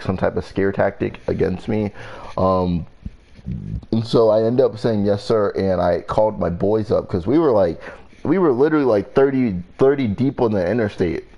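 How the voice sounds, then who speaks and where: Young man, lowish voice, casual storytime vlog, profane, rambling, filler words. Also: dark tone. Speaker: vlogger.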